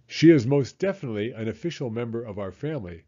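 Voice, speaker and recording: Male reader as a busy mom, firm but kind, warm husky tone, dull lo-fi read. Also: medium pitch, animated, fast, lightly acted. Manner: firm, reassuring. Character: patient, firm mother of a newborn.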